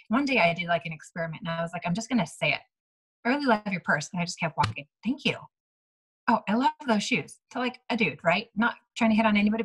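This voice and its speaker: A woman's voice: mid-range voice, a bit bright, husky, rough recording. A woman in her thirties giving a chatty motivational talk to her team, full of "like" and "right?" and acted-out dialogue. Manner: chatty, lots of "like" and "right?", acts out quoted dialogue. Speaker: team leader speaking to her sales team.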